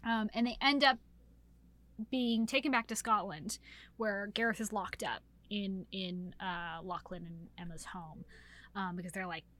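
A woman's voice: mid-range voice, unhurried. A woman co-hosting a podcast, recapping a book in casual chat with lots of swearing and acted-out quotes. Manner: animated, swearing, acts out characters' lines. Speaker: podcast co-host.

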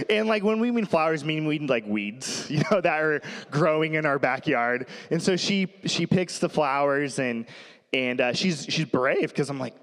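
Chatty pastor in a reverberant hall. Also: male voice, on the high side, lively intonation, normal speed, a bit bright. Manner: casual, rambling, laughs often. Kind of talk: sermon with personal stories.

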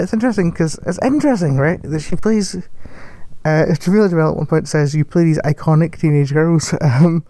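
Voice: medium pitch, dark tone, no room sound. A person chatting casually about a film, rambling, correcting themselves and laughing often. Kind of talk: casual film review chat.

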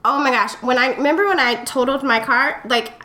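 Woman, casual chat, rambling, lots of "like", candid, slightly high voice. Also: fast talker, bright, forceful tone. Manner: rambling, heavy use of "like", candid. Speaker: friend in group chat.

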